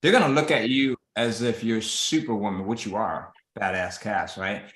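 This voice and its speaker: A man's voice: lowish voice, moderate pace, fairly bright tone. Host, male, casual motivational chat over a call, recorded with roomy echo. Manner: coaching tone, acts out quoted voices, says "right?" often. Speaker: host of a publishing business call.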